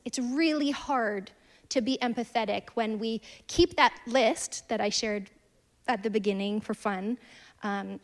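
A woman in her thirties, her voice a little high, preaches a sermon in an earnest, storytelling way, swinging between emphatic lines and hushed ones.

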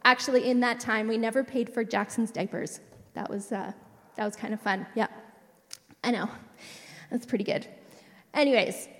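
A woman's voice: on the high side, steady tone, normal speed, long pauses. Chatty woman in a reverberant hall. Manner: chatty, digressive, warm storytelling with asides. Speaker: church speaker sharing a testimony. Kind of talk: personal testimony sermon. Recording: long reverb of a large hall.

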